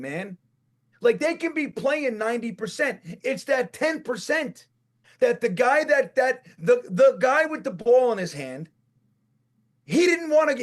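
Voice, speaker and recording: A man co-hosting a casual sports podcast with a New York accent, talking in an animated, profane rant that builds to shouts. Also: very high voice. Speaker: podcast co-host.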